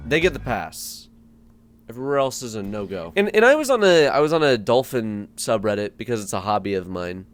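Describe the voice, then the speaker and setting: A young man doing stand-up, deadpan with sudden loud outbursts and repeated word stumbles. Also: mid-range voice, a little fast. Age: young adult. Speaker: comedian and street interviewer. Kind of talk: stand-up comedy.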